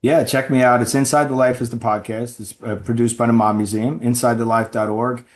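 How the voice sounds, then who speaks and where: A man's voice: medium pitch, fairly even intonation, brisk. A man who used to be an undercover informant, telling stories as a podcast guest with frequent restarts and "right?" tag questions. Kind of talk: conversational storytelling.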